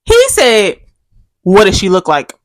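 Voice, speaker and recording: Young woman, casual podcast co-host, low-ish voice, dry close mic, animated storyteller. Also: normal speed, no echo. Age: young adult. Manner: animated storytelling, acts out quotes with big pitch jumps. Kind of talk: casual chat.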